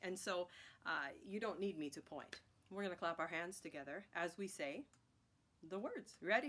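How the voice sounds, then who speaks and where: A woman's voice: lowish voice, expressive, moderate pace, heavy background noise. A woman teaching a children's music class, chanting rhythm words and cheering on her young learners. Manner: encouraging, sing-song chanting of rhythm words.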